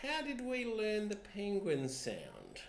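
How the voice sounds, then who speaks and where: A man's voice: high-pitched, wildly swooping pitch, takes it slowly, gravelly. A man in his fifties, co-presenting and reading out viewer questions, joking around with dad jokes. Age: 50s. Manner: jokey, tells dad jokes. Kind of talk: casual live-stream chat. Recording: echoey room with faint background noise.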